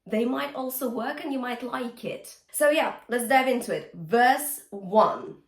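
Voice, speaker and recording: A woman's voice: a little high, unhurried. A woman vocal coach giving a chatty, encouraging singing lesson, breaking into short sung demonstrations. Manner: encouraging, chatty teacher who breaks into song. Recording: roomy sound with faint guitar music.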